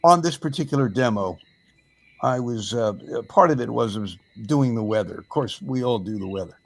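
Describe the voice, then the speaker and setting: An older man, once a radio disc jockey, looks back on his career in a relaxed podcast chat. He tells it as a story, pausing often on fillers. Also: medium pitch. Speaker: former radio DJ. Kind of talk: casual reminiscing chat.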